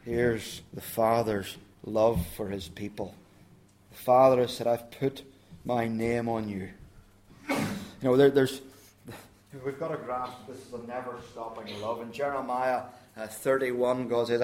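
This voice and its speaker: Guy preaching in a roomy church, earnest, gets quiet and soft for the quotes. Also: mid-range voice, fairly even intonation, a little slow. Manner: earnest, quoting God's words in a softer voice. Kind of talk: sermon.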